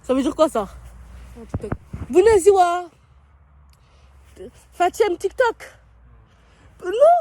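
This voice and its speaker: A young woman from France chatters in English with a French accent, her voice sitting very high. She teases and overreacts playfully as she films a casual street vlog. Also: animated, slow pace, pauses often, a little mellow. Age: young adult. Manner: bubbly, teasing, exaggerated reactions. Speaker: vlogger.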